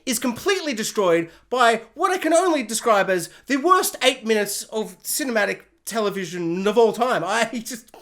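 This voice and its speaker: Show reviewer, casual rant, sarcastic, lively swooping delivery, mid pitch. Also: normal speed. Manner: animated, sarcastic, lots of fillers.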